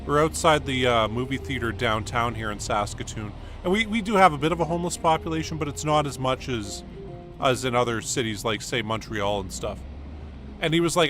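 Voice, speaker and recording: Bright-voiced man rambling while gaming. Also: mid-range voice, a little fast, slight background noise. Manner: meandering, full of fillers and restarts. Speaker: gaming streamer. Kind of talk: rambling casual storytelling over gameplay.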